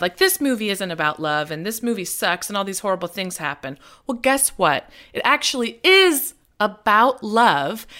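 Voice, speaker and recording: Brief: woman podcast co-host from Nebraska, emphatic and chatty, middle pitch. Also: fairly bright tone. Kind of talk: casual film discussion.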